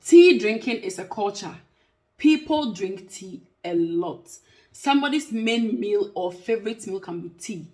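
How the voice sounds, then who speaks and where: A woman's voice: medium pitch, expressive, measured pace, a little mellow. Emphatic woman. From Africa. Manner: emphatic, repeats points for stress. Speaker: vlogger and care worker. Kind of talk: casual talk to camera.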